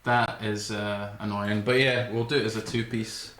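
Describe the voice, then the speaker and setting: A man's voice: on the low side, flat delivery, normal speed, a bit bright. A Scottish man, a band guitarist, reading out viewer comments in a dry, casual way. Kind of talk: casual live-stream banter. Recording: echoey room with live music.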